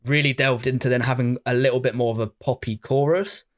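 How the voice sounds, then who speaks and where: A man's voice: mid-range voice, steady tone, fairly quick. A man co-hosting a casual music podcast, chatty and swearing casually as he talks about new releases. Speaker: podcast co-host. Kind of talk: casual chat.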